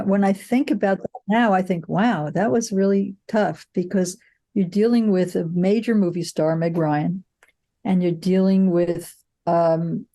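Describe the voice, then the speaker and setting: An older woman with a low-pitched, mellow voice speaks in a relaxed interview. She tells reflective behind-the-scenes stories with frank, outspoken asides. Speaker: film producer, interview guest. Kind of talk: conversational interview.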